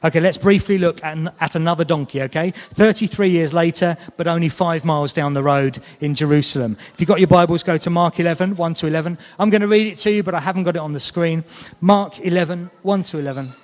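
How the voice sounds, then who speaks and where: Preacher guy, chatty earnest sermon, fairly high voice, big echoey church hall. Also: fairly even intonation, fast talker. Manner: earnest, conversational, checks in with the congregation. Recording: long hall reverb.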